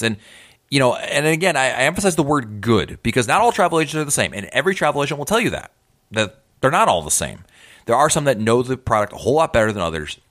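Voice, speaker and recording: A man's voice: medium pitch, fairly bright tone. A man hosting a podcast, giving tips in a casual, conversational way with emphatic asides. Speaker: podcast host.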